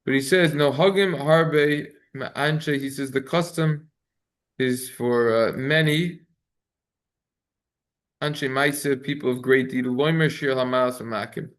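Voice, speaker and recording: A rabbi takes his time teaching a Talmudic lesson on halacha, his medium-pitched voice a bit bright. He intones Hebrew passages in a singsong chant, then translates them conversationally and corrects himself as he goes.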